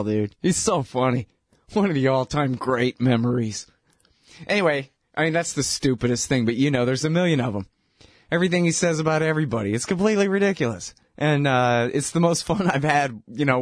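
A man offers casual, sardonic political commentary, laughing at his own points and filling his talk with "dude" and "man." His medium-pitched voice is captured in a dry, studio-quality recording.

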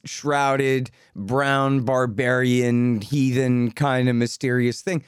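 A man in his fifties hosts a casual political interview, animatedly telling stories and voicing the quotes. His voice is on the high side with a clean tone, studio quality and no room sound.

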